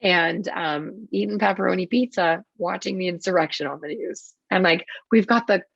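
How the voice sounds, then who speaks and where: A woman's voice: on the low side, gravelly, slightly rough, no room sound. A woman nurse being interviewed on a podcast, telling a story casually with lots of swearing and acted-out quotes, on dull lo-fi audio. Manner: swearing, quick and vivid, acts out her own quotes.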